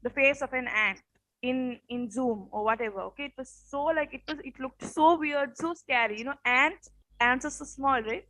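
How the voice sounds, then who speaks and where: A woman teacher with a high voice and a rough morning rasp tells a story to her class. She talks casually, says "okay" often and keeps checking in with questions. The sound is dry and close, with no room around it. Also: normal speed, pushed and bright, dry recording, low-quality recording. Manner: peppers speech with "okay" and quiz questions.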